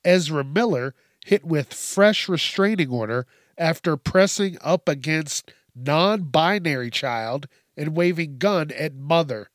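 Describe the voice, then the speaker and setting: A man's voice: fairly high pitch, animated, slow, no room sound, studio quality. A man hosting a casual news commentary show, swearing constantly and laughing at his own stories.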